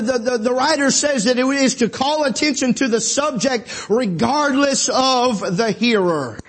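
High-voiced preacher man. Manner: preaching with rising, shouting fervor and folksy asides. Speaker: pastor. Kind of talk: sermon.

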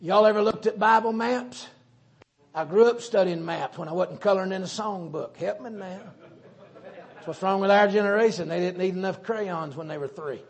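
A middle-aged man with a Southern US accent preaching a sermon in a folksy, joking, animated way. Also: sits high, moderate pace, breathy edge. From Southern United States.

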